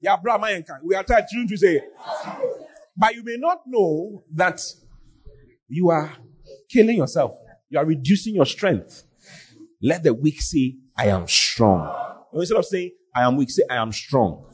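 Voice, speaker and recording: A man preaching a sermon as pastor, often mimicking his congregants in an animated way. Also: high-pitched, normal speed, long pauses.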